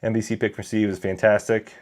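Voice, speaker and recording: A man's voice: fairly low pitch, fast. Chatty man hosting a whiskey livestream. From Colorado. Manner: chatty, animated, reads viewer comments aloud. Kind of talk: casual livestream chat.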